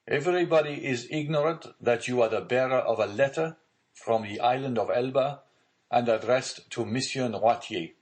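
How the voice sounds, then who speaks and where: A man's voice: medium pitch, normal speed, pitched above the performer's own voice, close to an everyday voice. A man reading the part of a pale, frightened magistrate who gives urgent, tense orders. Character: pale frightened male magistrate, anxious, commanding.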